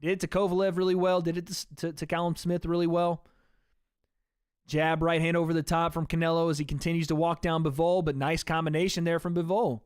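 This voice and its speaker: A man's voice: on the high side, level tone, fairly quick, smooth, dry recording, studio quality. A man hosting a livestream, giving casual play-by-play commentary on a fight and chatting to his viewers as guys. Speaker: livestream host.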